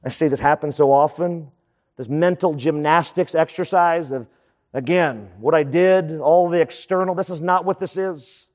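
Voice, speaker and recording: A man's voice: a little high, normal speed, a little mellow. Preaching man in an echoing church hall. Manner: emphatic, repeats key phrases for effect. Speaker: pastor. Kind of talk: sermon.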